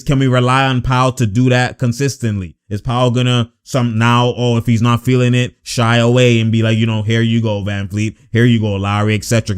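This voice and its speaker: A man giving casual, slang-filled reaction commentary on basketball footage, animated and exasperated. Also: mid-range voice, clear, resonant tone.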